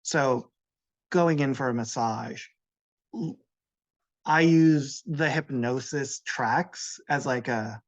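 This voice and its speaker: A man who is a guest on a podcast, explaining things in a slow, measured, casual way. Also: mid-range voice.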